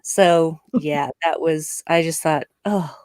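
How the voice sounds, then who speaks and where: A woman's voice: mid-range voice, normal speed, no room sound. Woman chatting animatedly, dry close sound. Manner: animated, acts out quoted lines. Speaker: panelist on a live show discussion. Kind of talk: casual chat.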